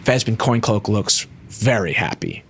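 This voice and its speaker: A man narrating a tabletop game as game master, in an animated, casual storytelling way with frequent fillers. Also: fairly low pitch, measured pace, a little hiss or hum.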